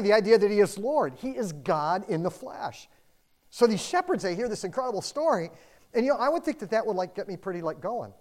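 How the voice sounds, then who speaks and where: A middle-aged pastor preaching to a roomful of listeners. The delivery is chatty and informal, leaning on filler words. It jumps from loud emphasis down to near-whispered asides. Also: medium pitch. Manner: conversational, dotted with "like" and "you know"; animated, with swings between loud and hushed delivery. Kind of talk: sermon. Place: room with a congregation.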